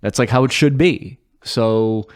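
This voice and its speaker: A man's voice: lowish voice, a little slow, clear, resonant tone. A man who is a guest on a casual podcast, talking candidly and self-consciously and laughing at himself.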